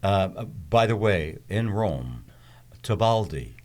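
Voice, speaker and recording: An older man from Philadelphia, a podcast host, telling stories in a halting, rambling way full of fillers. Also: sits low, expressive, a little mellow. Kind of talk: casual podcast chat.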